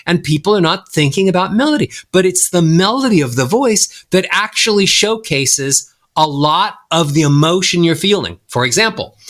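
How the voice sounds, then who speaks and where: A middle-aged man speaks as a voice coach in a podcast interview, his voice bright and ringing. He teaches by example, sliding his pitch up and down in wide, lively swoops. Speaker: voice coach guest. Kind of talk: podcast interview, demonstrating tips.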